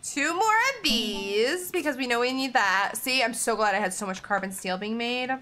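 A woman's voice: fairly high pitch, expressive, moderate pace, sharp tone. A young woman casually talking through a game as she plays, thinking aloud and chatting to viewers. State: has the hiccups. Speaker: gaming channel host. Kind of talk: casual gameplay commentary.

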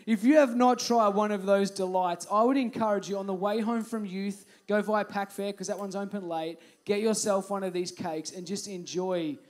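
A man's voice: high-pitched, steady tone, normal speed, hardly any pauses. A young man with an Australian accent giving a chatty, storytelling youth group talk as youth pastor in a youth hall.

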